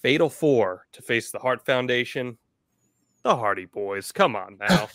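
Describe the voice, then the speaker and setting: A man co-hosting a podcast, chatting in a lively, jokey way and reading out the results. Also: mid-range voice, unhurried, no room sound, clean studio sound. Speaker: podcast co-host. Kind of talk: casual chat.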